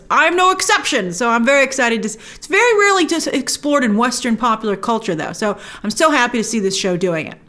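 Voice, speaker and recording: A woman's voice: on the high side, fairly bright tone. A woman hosting a trailer breakdown, chatting enthusiastically with lots of restarts. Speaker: host.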